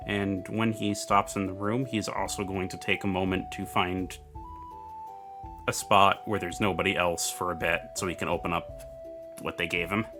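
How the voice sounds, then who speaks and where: A man with a very low voice plays a tabletop game, walking through what his character does with small pauses. Music plays clearly behind him throughout. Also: level tone. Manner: hesitant, describes his character's actions in third person. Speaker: player. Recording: music playing in background.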